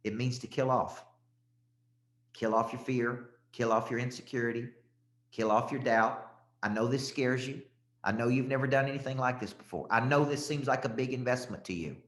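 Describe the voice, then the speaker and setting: A man's voice: medium pitch, normal speed, a bit bright. Guy coaching sales live, punchy and emphatic, middle-aged, roomy echo. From Tennessee. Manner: emphatic, punchy, frequent "okay?" check-ins. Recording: echoey room.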